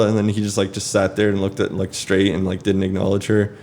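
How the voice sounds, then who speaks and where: A man's voice: on the low side, completely flat delivery, brisk, few pauses, darkish tone, a little hiss or hum. A man telling a rambling story on a casual podcast, cursing and using lots of fillers. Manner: rambling, swears a lot, many fillers. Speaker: podcast host.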